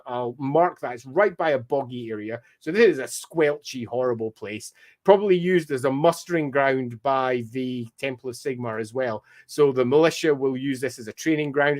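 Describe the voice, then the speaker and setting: A man with a mixed Scottish accent hosting a live stream, thinking aloud as he works and answering viewer comments in a relaxed way. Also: mid-range voice. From Scotland. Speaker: stream host and mapmaker. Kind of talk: live-stream commentary while drawing a map.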